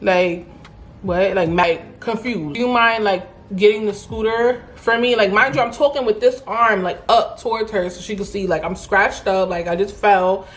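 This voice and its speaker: A young woman telling a story to camera in a casual storytime vlog, animated and slangy, acting out the voices of the people in her story. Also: mid-range voice, normal speed. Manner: animated, acts out quoted voices, slangy and emphatic. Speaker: beauty vlogger telling a story. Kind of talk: casual storytime while eating.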